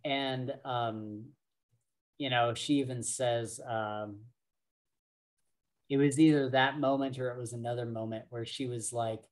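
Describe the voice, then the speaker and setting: Slow-talking man on a book podcast. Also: mid-range voice, steady tone. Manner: slow, rambling retelling full of fillers. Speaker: podcast co-host. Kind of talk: casual book discussion.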